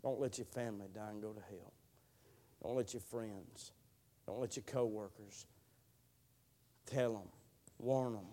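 Slow-talking preacher man. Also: lowish voice, steady tone, mellow. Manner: slow, drawling testimony rising to fervent prayer. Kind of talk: sermon.

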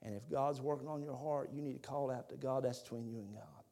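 A man's voice: medium pitch, steady tone, a little fast, gravelly, dark tone. A man, preaching a sermon as a fervent storyteller. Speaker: pastor.

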